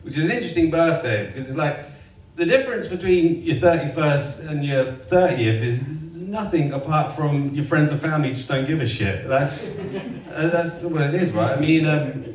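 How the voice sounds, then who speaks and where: A man performing a chatty, self-mocking stand-up set and acting out voices in loud bursts. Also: a little high, lively intonation, moderate pace, a little hiss or hum. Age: 30s. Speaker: stand-up comedian. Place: comedy club stage, heard from across the room. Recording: roomy live club recording from a distance. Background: faint audience laughter.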